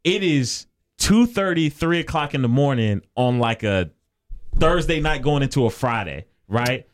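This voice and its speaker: A man's voice: medium pitch, measured pace. A man co-hosting a podcast, telling a story in a casual way and acting out the people he quotes. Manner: animated, acts out the people he quotes. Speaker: podcast co-host.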